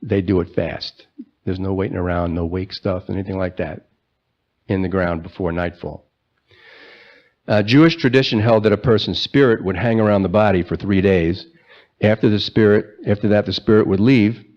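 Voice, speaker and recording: Low-voiced man preaching a sermon. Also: highs cut off. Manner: conversational storytelling, slows down for scripture. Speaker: pastor.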